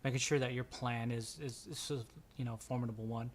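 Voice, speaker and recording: Man, game master, mid-pitched voice, rambling narration. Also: fairly even intonation, brisk. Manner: loose, filler-heavy narration.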